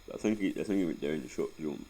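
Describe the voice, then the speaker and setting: A Scottish vlogger in his forties tells rambling, sweary stories about his life, laughing often. His very deep voice is mellow, animated and rapid-fire, with slight background noise and poor audio.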